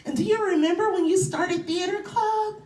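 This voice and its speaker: Captured by a distant mic in an echoey university hall, a woman gives a live spoken-word performance, laughing often in a tender, playful way. Her voice is extremely high in pitch yet dark in tone, and she speaks at normal speed.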